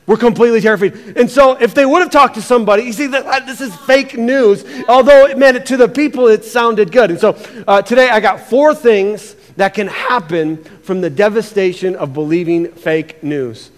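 Pastor, male, high voice; lively sermon with stammered repeats, long reverb. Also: normal speed, hardly any pauses. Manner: animated, repeats words, acts out quotes.

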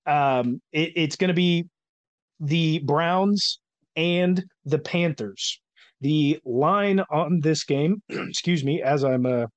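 A man's voice: fairly high pitch, dry recording, lo-fi sound. A man hosting a casual sports podcast, chatty and rambling, with many filler words. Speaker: podcast host.

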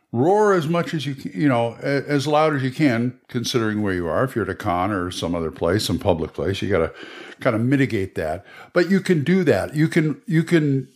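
A man hosting a podcast, giving casual advice on running tabletop games in a rambling way with many restarts. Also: medium pitch. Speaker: game master podcaster.

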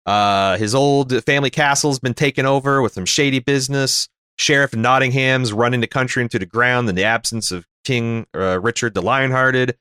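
A man's voice: mid-range voice, normal speed, few pauses, bright, forceful tone, clear, resonant tone, no echo, studio quality. A man from North America co-hosting a casual movie chat, wry and rambling, full of fillers and restarts. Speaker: podcast co-host.

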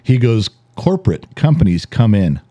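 Low, mellow-voiced man telling stories. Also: moderate pace, breathy edge, no echo. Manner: animated storyteller, acts out quoted dialogue, swears. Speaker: podcast co-host. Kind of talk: casual chat.

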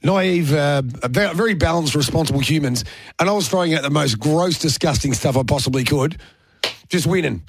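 A man's voice: on the high side, expressive, normal speed, noisy background. An Australian man hosting a radio show, telling stories and joking in casual banter. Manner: joking, rambling storyteller. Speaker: radio host.

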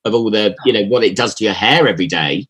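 A man's voice: fairly low pitch, fast talker, a bit bright, husky. A man hosting a podcast, reminiscing in a rambling, reflective way with lots of asides. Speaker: podcast host. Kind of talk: casual conversation.

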